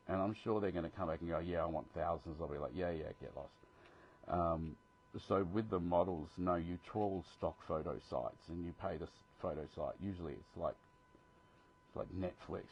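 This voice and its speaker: A man's voice: low voice, dull audio, a little hiss or hum. A middle-aged Australian man, an author, chatting casually in a live Q&A, reading questions aloud and joking about himself. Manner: chatty, reads questions aloud, self-deprecating. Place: home, live video stream.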